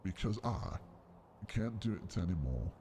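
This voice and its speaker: Streamer doing a low, warm story narrator, measured and lively in pitch. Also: male voice, slight background noise. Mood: explaining. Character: deep calm male storyteller narrator.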